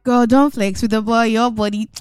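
A young woman hosting a radio show, chatting with callers in an animated, teasing, jokey way. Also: fairly high pitch, moderate pace, faint music behind. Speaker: radio host. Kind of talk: playful radio chat. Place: radio studio.

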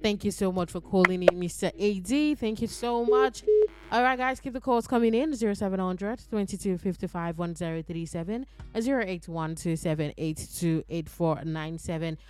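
A woman with a Nigerian accent hosting a radio call-in show from the studio, lively and coaxing, urging listeners to call in. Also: fairly low pitch, moderate pace, hardly any pauses, soft background music. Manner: lively, coaxing, laughs between lines. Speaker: radio host. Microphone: studio mic.

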